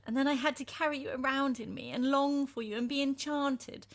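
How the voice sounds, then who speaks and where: A woman's voice: high voice, fairly even intonation, a little fast, lightly acted. A woman performing a passionate, jealous and desperate woman lover in an intense dramatic reading of a verse epic. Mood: brooding. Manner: intense, swings from tender to bitter.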